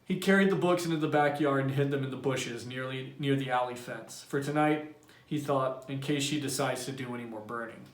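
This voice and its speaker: A man's voice: mid-range voice, a little fast. Male teacher reading aloud in a roomy room. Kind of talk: reading a novel aloud to class. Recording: roomy echo.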